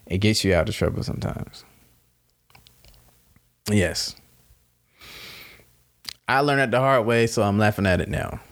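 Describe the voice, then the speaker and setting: A man's voice: fairly low pitch, unhurried, long pauses. A man talking casually and reflectively, laughing at himself and acting out little quoted exchanges. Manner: laid-back, laughs at himself, acts out quotes.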